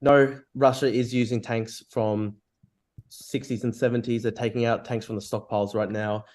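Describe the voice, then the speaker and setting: Young man debating with sharp accusations. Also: mid-range voice, little pitch movement, moderate pace. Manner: accusing, hammering one point. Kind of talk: heated online debate.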